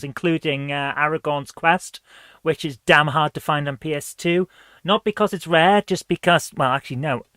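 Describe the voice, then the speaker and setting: A woman's voice: low voice, dry recording. A woman hosting a live retro gaming stream, reading viewer comments aloud in a chatty, upbeat way and laughing easily.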